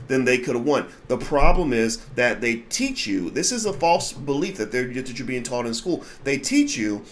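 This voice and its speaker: A man hosting his own commentary show, speaking bluntly and with emphasis in a mid-pitched voice. He talks in an unscripted way and restarts his sentences on repeated words as he pushes his point. There is a faint hiss of noise behind him. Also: brisk, few pauses. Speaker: host of a commentary channel. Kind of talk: commentary monologue.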